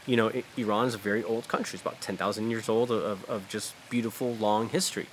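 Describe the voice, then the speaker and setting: A man's voice: on the low side, fairly even intonation, fast talker, a little hiss or hum. A man hosting a talk show, ranting bluntly and casually with profanity and many fillers. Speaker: podcast host.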